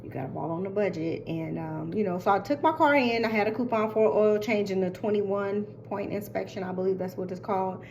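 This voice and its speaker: An older woman casually telling a long story, chatty and animated, acting out what others said. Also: medium pitch, brisk, hardly any pauses, a little hiss or hum. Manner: chatty, animated retelling with quoted voices.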